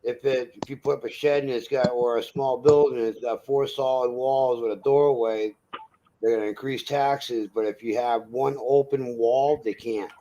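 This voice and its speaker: A man's voice: mid-range voice, fairly even intonation, moderate pace, warm tone, highs cut off, a little hiss or hum. A middle-aged man hosting a casual livestream, talking in a plainspoken, folksy way. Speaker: livestream host.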